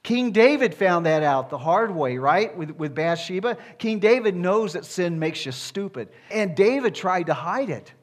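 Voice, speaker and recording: A man preaching a sermon, emphatic and repetitive, building to forceful declarations. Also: sits high, expressive, moderate pace, few pauses.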